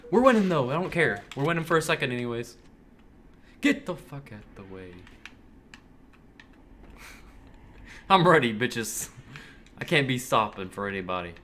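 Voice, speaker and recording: A young man commentating his own online shooter match, excitable and cursing, yelling at other players. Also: mid-range voice, a little slow, long pauses, a little hiss or hum. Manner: excitable, swears often, yells at other players. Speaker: gamer streamer. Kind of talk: live gameplay commentary.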